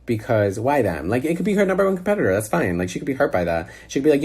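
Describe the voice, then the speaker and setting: A man's voice: medium pitch, huge pitch swings, brisk, darkish tone, breathy edge. A man on a phone rant, firing off exasperated rhetorical questions in a casual, incredulous way. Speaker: social media personality. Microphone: phone held close.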